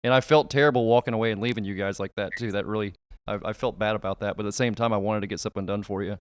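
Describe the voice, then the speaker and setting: A man talking quickly in a smooth, clear voice as he tells stories with a friendly, chatty rhythm, often restarting his sentences. The sound is close and dry. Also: on the low side, fairly even intonation, no echo. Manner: fast, chatty, many restarts. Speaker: podcast guest, reptile catcher. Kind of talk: casual interview storytelling.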